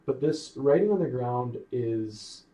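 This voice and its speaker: A man narrating as game master of a tabletop game in a relaxed, conversational way, recorded from a distant mic in a roomy space. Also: medium pitch, slow. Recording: roomy, distant mic, faint background noise.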